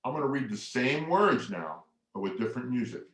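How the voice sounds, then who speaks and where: A man's voice: medium pitch, brisk. A man presenting a family workshop, reading poetry dramatically with big swings in volume and inflection, then explaining his method with enthusiasm. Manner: expressive, sweeping changes in volume and inflection when reading. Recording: echoey room.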